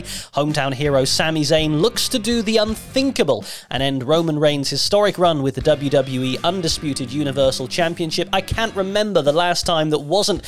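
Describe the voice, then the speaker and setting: Guy hosting a podcast, lively broadcaster delivery, voice sits a bit high. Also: normal speed, hardly any pauses. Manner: energetic, polished presenter delivery. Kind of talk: casual podcast chat.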